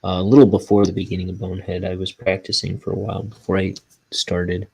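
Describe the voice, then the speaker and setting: Here the man sits low in pitch and speaks quickly with a completely flat delivery, vocal fry, and a slightly rough, somewhat mellow quality. The recording is rough. He's a cartoonist inking his graphic novel, chatting casually, rambling and joking at his own expense.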